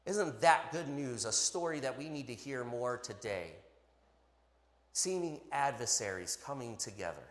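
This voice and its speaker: Animated preacher in an echoing hall. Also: male voice, medium pitch, unhurried. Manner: animated, emphatic, playful asides. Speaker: pastor. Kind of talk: sermon. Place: church. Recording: echoey hall.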